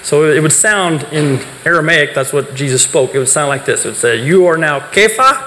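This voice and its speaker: A man's voice: fairly high pitch, a little fast, fairly bright tone. A man gives a talk to a youth group, explaining points and putting questions to the listeners, then answering them himself. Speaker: speaker teaching a youth group. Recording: reverberant hall, faint background noise.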